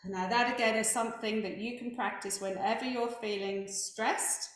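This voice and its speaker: Guiding a laughter wellness session on a very echoey online call, a woman gives encouraging step-by-step instructions for breathing and laughing to the group. She speaks at a moderate pace in a fairly high voice with fairly even intonation.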